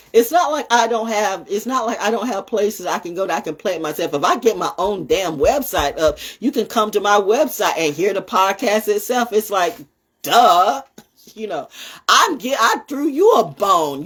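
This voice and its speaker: A woman hosting her own show in a blunt, profane rant that swings from loud outbursts to low muttering. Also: husky. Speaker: podcast host. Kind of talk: casual livestream rant.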